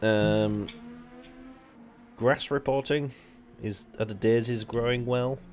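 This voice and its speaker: A young man commentates live on an online racing league, speaking slowly against slight background noise. He's excitable and rambling, swears casually, and his pitch jumps high whenever the action heats up.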